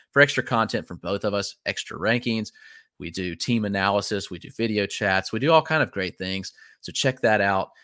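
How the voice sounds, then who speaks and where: A man with a Southern US accent hosting a podcast, running through the show's housekeeping in a brisk, upbeat way. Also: fairly low pitch, fairly bright tone, no echo, studio quality. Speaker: podcast host. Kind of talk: casual chat.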